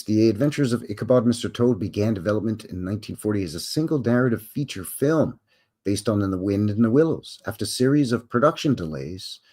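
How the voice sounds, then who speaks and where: A man's voice: lowish voice, darkish tone. A man hosting a casual live stream, chatting, reading aloud and adding asides.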